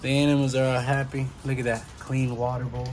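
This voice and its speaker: Male vlogger, average pitch, loose and chatty, self-correcting, phone mic indoors with faint ambient noise. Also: little pitch movement, a little fast. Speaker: vlogger and reptile keeper. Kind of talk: casual walkthrough vlog. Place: indoor room with reptile tanks. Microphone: handheld phone.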